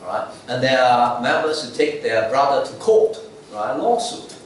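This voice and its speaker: Preaching as a layman in a church sanctuary, a man talks conversationally and keeps checking in with "okay?" and "right?" He has a mid-range, expressive voice and a measured pace. The distant mic captures plenty of echo plus a little hiss or hum.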